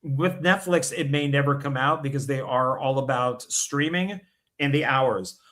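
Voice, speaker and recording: A man co-hosting a casual podcast, chatty and quick to tell a long story or explain something at length. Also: medium pitch, fairly bright tone. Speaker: podcast co-host. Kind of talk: casual livestream chat.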